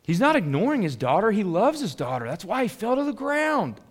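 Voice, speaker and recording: A young adult man, a pastor preaching a conversational sermon that drops soft and swells loud. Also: sits high, big pitch swings, brisk.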